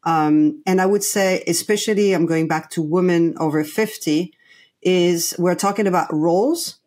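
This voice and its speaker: Brief: middle-aged French woman, husky, lower pitch, animated podcast guest. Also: moderate pace. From France. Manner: lively, laughs often, acts out imagined quotes. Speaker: guest, play coach and company founder. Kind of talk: conversational podcast interview. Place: New York.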